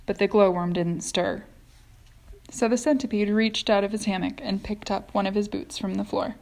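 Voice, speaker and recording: A woman teacher reading a children's book aloud, expressive and soft in the quiet passages. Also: mid-range voice, normal speed, vocal fry.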